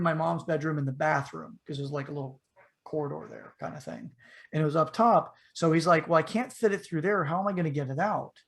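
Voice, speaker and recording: A man casually telling a childhood ghost story on a podcast, rambling with restarts and asides and acting out the people in it. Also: a little high.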